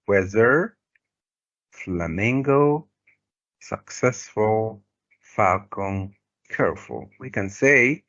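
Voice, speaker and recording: A man's voice: fairly low pitch, pushed and bright, breathy edge, no room sound. Egyptian man teaching English syllables. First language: Arabic. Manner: switches to Arabic to explain, stresses syllables slowly. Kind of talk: recorded lesson. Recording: dull, lo-fi dry recording.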